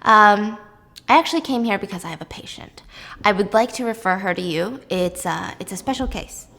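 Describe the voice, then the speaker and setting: A woman voicing an older female professor who speaks in a measured way with small hesitations. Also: medium pitch, expressive, gravelly, bright, forceful tone, in a large hall. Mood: earnest.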